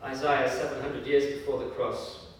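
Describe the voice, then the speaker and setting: A man preaching a sermon in an earnest, measured way, with fillers and raised emphasis when he quotes scripture. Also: medium pitch, level tone, slight background noise. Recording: echoey hall from far off.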